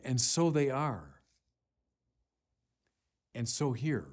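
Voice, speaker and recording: A man preaching a sermon, unhurried with small restarts, rising to forceful emphasis on key lines. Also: on the high side, lively intonation.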